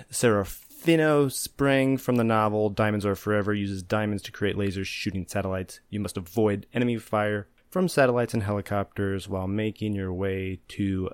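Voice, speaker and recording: A man co-hosting a casual podcast, relaxed and explanatory, chuckling now and then. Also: on the low side, clear, resonant tone, no echo. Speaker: podcast co-host. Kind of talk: casual chat.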